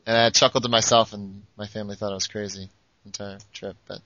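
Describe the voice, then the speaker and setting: A man's voice: fairly low pitch, flat delivery, fast talker, sharp tone, dry recording, lo-fi sound. A man co-hosting a casual sports podcast, jokey and laughing often. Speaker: podcast co-host.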